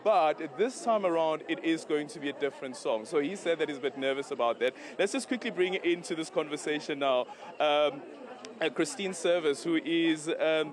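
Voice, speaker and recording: A man reporting live from a red carpet event, excited and chatty, a little out of breath. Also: fairly high pitch. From South Africa. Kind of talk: live news interview. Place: outdoor red carpet event at a shopping centre. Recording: lively crowd around.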